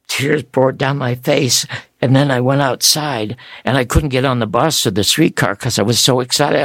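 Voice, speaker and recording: An older man, a guest author, telling animated, rambling stories in an interview. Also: fairly high pitch, creaky, no echo. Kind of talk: storytelling interview.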